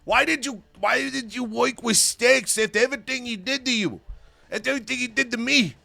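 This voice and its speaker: A man's voice: very high voice, a little fast, gravelly, bright, forceful tone, soft background music, voice pushed up, full character voice. A man voicing a confused, upset young male wrestler who keeps questioning. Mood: agitated. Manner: questioning, agitated.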